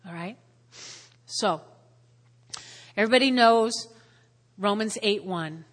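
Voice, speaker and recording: A woman pastor preaching a sermon with strong emotion, swinging between loud exclamations and hushed whispers, at times close to tears. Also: medium pitch, slow pace, pauses often. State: tearful at times. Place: church hall. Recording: long hall reverb.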